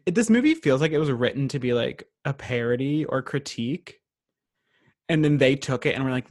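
A young man from Virginia co-hosting a casual podcast chat, making sarcastic, quick comic asides. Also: mid-range voice, lively intonation, darkish tone. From Virginia, USA. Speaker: podcast co-host.

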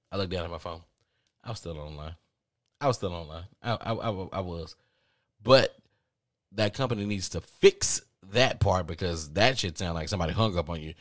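A man's voice: low-pitched, no room sound, clean studio sound. A man from the American South with a Southern accent, telling a comic story and acting out the other people on a phone call. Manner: animated, acts out both sides of a phone call in quick voices. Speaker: podcast host. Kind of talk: comedic storytelling.

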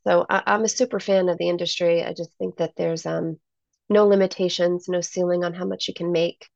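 An enthusiastic woman telling stories as an interview guest, with a gravelly edge to her voice. The sound is dry and a little muffled. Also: on the low side, steady tone, fairly quick, a little mellow, no room sound. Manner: enthusiastic storyteller. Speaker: guest, salon owner. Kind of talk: casual interview.

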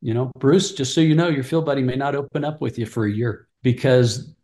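A man's voice: mid-range voice, brisk, reverberant. A middle-aged man, a ministry leader, earnestly telling mentoring stories in an interview, acting out both sides of past conversations. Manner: earnest, animated retelling of conversations with restarts.

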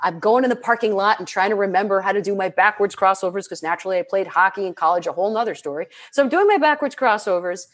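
Middle-aged woman, leadership coach; animated, expressive talker, mid pitch. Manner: expressive and animated, quick to laugh, frequent restarts. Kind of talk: casual podcast conversation.

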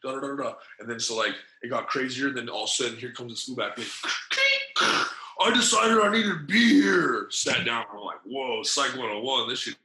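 A man's voice: medium pitch, fairly even intonation, fast, hardly any pauses, sharp tone, echoey room, rough recording. A man telling a long story in casual, slangy, profane speech, full of fillers and acted-out lines of other people. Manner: acts out other people's lines in changed voices.

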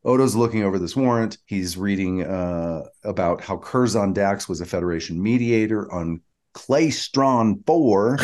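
A man from Georgia co-hosting a podcast, recapping a TV episode in casual chat and quoting characters in a lowered voice. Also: a little slow, a little mellow. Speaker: podcast co-host.

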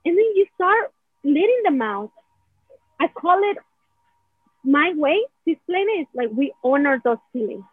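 Very animated and high-pitched, she keeps a moderate pace but pauses often, recorded dry. She chats through an explanation of a healing practice, straying off course, frequently adding "right?" and performing feelings in quoted asides, with a thin phone-like tone.

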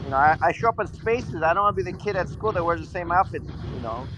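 A man's voice: high-pitched, lively intonation, fast talker, noisy background. A man chatting on a live audio stage, teasing and playful.

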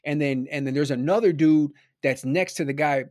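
Man from Milwaukee, loose casual storyteller, leans on "like" and "right?", lightish pitch, dry close mic. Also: normal speed, darkish tone, no room sound. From Milwaukee, USA. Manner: rambling, peppered with "like" and "right?". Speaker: podcast guest.

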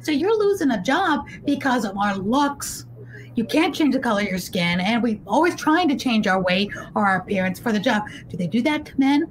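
Enthusiastic higher-voiced female host. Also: sing-song, normal speed, slight background noise, rough recording. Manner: enthusiastic, effusive. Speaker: show host. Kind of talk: conversational interview.

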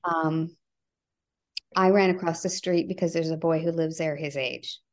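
A middle-aged woman with a slightly low-pitched voice speaks as a podcast guest. She tells her story in an earnest, halting way, restarting sentences and filling gaps with "you know" and "like.". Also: fairly even intonation, darkish tone. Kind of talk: conversational interview storytelling.

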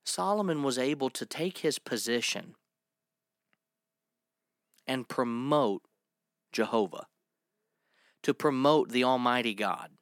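Male preacher, emphatic sermon delivery, slow stretched emphasis, dry close sound, mid-pitched voice. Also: lively intonation, no echo. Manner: emphatic, stretches key words slowly; reads scripture aloud between points.

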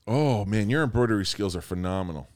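A man's voice: fairly low pitch, lively intonation, quick pace, darkish tone. A man co-hosting a podcast in casual chat, rambling and cursing, with lots of restarts and fillers. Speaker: podcast co-host.

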